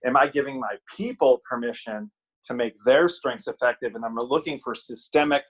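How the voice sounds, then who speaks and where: A man's voice: medium pitch, moderate pace, slightly rough, poor audio. Emphatic middle-aged man, podcast guest. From Wisconsin. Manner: emphatic, repeats key phrases, self-deprecating humor. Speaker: guest speaker and author. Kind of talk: casual podcast interview.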